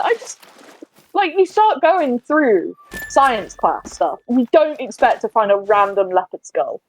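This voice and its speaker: A young woman with a Somerset accent chats on a gaming stream. Her voice sits fairly high and swings up and down a lot. She talks in a chatty, giggly way and often pokes fun at herself. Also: very animated, takes it slowly, pauses often, husky, low-quality recording. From Somerset, England. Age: 20s. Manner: chatty, giggly and self-deprecating. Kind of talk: casual chat while gaming.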